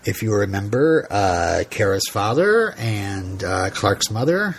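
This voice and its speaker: A man's voice: fairly low pitch, big pitch swings, slow pace. A man hosting a podcast, recapping a TV episode in casual, rambling chat full of fillers and laughter. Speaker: podcast host.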